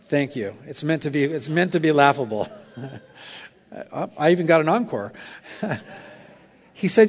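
In a church with long hall reverb, a man with a slightly high, animated voice preaches a sermon at a measured pace with long pauses. His style is conversational, built on storytelling and light humor.

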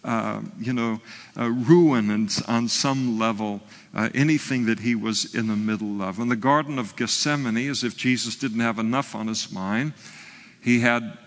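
A man's voice: medium pitch, normal speed, in a large hall. A man preaching a sermon, retelling a story in a conversational way with frequent fillers and restarts. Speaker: pastor.

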